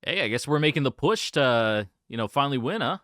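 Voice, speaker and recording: Bright-voiced, profanity-heavy male game host. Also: mid-range voice, lively intonation, brisk, no room sound, clean studio sound. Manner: casual, profane, lots of "like" fillers. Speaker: let's-play host. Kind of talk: casual game read-through commentary.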